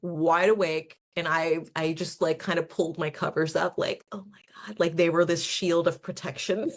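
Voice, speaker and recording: A young woman with a low voice talks through her own experiences in a casual podcast chat. She sounds earnest and chatty, laughs easily, and often breaks off to restart a sentence. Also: little pitch movement, normal speed. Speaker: podcast host. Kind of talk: casual personal storytelling.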